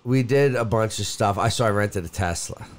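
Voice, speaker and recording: A man co-hosting a casual podcast, telling stories with animated voices and frequent laughter. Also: fairly low pitch, normal speed, a crowd in the background. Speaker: podcast co-host. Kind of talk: casual storytelling chat.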